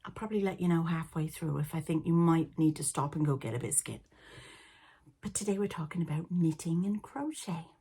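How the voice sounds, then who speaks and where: A woman in her fifties, raised in Liverpool and long settled in Canada, chats through her knitting podcast in a rambling, friendly way. Her voice sits a little low and has a husky, gravelly texture. Her Liverpool accent is softened by decades of Canadian life. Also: fairly quick. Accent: Liverpool English softened by decades in Canada. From England, Liverpool. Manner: chatty and rambling, with laughs and excited asides. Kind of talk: casual chat.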